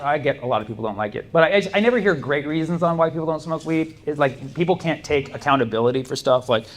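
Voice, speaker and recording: A man doing stand-up comedy on a club stage, telling a story with loud, animated bursts and shouted impressions. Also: on the high side, fast talker. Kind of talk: stand-up crowd work and storytelling. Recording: live club recording with audience noise. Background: audience ambience.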